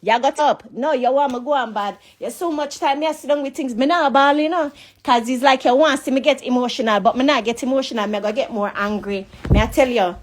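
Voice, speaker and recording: Woman, Jamaican accent, high-pitched, furious cursing voice-note rant. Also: fairly quick. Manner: heated, cursing, repetitive. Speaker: person in a leaked voice note. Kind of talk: angry ranting voice note.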